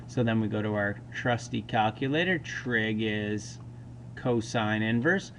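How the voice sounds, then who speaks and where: A man's voice: medium pitch, lively intonation, moderate pace, a bit bright, a little hiss or hum. A man teaching a recorded math lesson, talking through each step aloud with casual asides.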